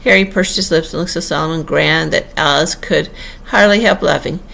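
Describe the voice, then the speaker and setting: Gravelly-voiced woman reading a storybook. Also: sits low, normal speed, a bit bright. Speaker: audiobook reader. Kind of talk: audiobook narration.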